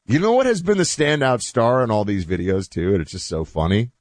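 A man hosting a talk show, chatting in a loose, animated monologue with asides that trail off quietly. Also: on the low side, brisk, few pauses, dry recording. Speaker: host.

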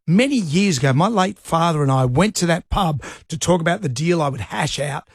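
A man's voice: on the high side, lively intonation, brisk, husky, no room sound, studio quality. A middle-aged Australian man hosting a radio show, telling a rambling story in casual chat. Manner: rambling anecdotes with laughs. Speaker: radio host.

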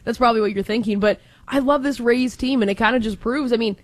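Female sports co-host, excitable and casual, dry close mic. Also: fairly high pitch, fast talker, no echo. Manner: excited, laughs often.

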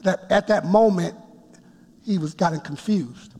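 A man preaching a sermon, telling his story with emphatic build-ups that rise toward shouts. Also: sits high, a little slow, husky. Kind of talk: sermon testimony. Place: church sanctuary before a congregation. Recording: long reverb of a large hall.

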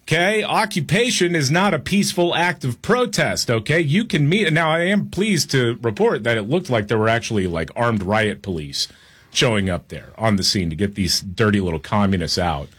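A man's voice: medium pitch, animated, a bit bright, slightly rough. A man co-hosting a talk radio show, opinionated and sarcastic in casual political chat. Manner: opinionated, sarcastic, fast asides.

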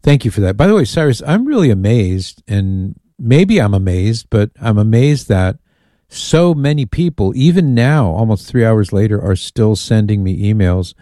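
A man's voice: lowish voice, lively intonation, normal speed, dark tone, no echo, clean studio sound. A man hosting a call-in radio show, chatting in an amused way and reading listener emails aloud.

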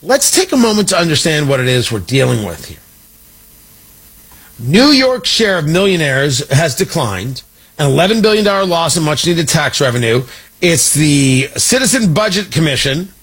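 A man's voice: fairly high pitch, big pitch swings, normal speed, fairly bright tone, husky. A man hosting a political talk radio show, delivering a sarcastic, riffing monologue and slipping into mock voices. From Midwest.

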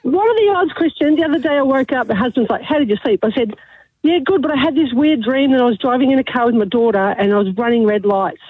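A woman calling into a radio show, telling her story in an excitable, animated way. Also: high-pitched, quick pace, breathy edge, no echo. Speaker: radio caller. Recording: tinny phone line.

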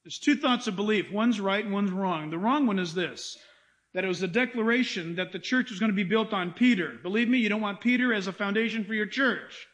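High-pitched man, middle-aged, preaching, animated, mock voices for quotes. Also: a little fast. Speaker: pastor. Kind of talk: sermon.

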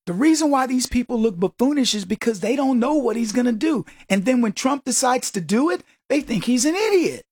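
Brash, husky-voiced male radio talk host. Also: very high-pitched, animated, moderate pace, few pauses, dry recording. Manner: brash, mocking, laughs a lot, acts out voices. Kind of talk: conservative talk radio monologue.

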